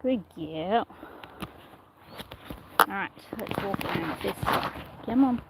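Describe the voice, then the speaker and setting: A woman livestreaming casually while she trains her miniature horse outdoors, speaking in a soft, coaxing way to the animal. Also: medium pitch, lively intonation, slow pace, vocal fry, long pauses. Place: outdoors in a paddock. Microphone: phone camera held in one hand. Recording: noisy outdoor phone recording.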